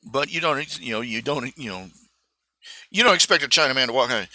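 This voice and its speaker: Man streamer, lively pitch, very bright and dry, rambling with lots of fillers. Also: no room sound. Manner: halting, full of fillers and restarts. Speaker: live stream host. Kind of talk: casual rambling monologue. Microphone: streaming microphone.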